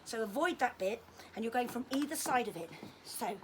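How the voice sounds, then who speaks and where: A woman's voice: on the high side, lively intonation, moderate pace, noisy background. Chatty woman teaching massage. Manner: gentle, friendly, joking asides. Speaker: children's touch therapist demonstrating massage. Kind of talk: chatty demonstration lesson. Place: indoors at home during lockdown.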